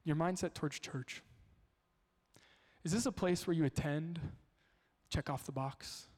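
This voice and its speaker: A man preaching a sermon as a pastor, telling stories in an animated way in a church. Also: a little high, unhurried, long reverb tail. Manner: storytelling, animated.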